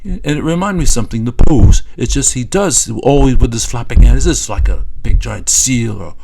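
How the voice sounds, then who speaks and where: A man mocks his subject in satirical commentary, his voice gravelly and frayed at the edges. He speaks at a middling pitch in a scornful, stop-start way, pausing often and filling the gaps with small hesitations. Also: expressive, noisy background. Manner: scornful, stop-start delivery with many fillers. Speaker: political commentator.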